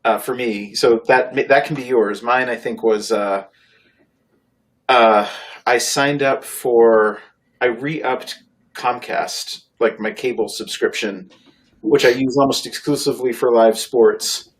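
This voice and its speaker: A man co-hosting a casual podcast chat at a middling pitch. He rambles and pokes fun at himself in a relaxed, easygoing way. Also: slow. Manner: rambling, self-deprecating. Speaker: podcast co-host.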